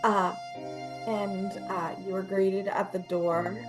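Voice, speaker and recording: A woman game master narrating a tabletop game in a gentle, hesitant way with many fillers. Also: mid-range voice, level tone, slow, loud music behind the voice.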